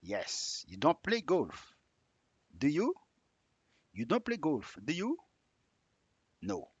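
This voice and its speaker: Slow man drilling grammar tags. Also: fairly high pitch, wildly swooping pitch, vocal fry, husky, no room sound, highs cut off. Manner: drills example sentences with exaggerated rising tags. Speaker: English teacher. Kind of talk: slow spoken grammar lesson.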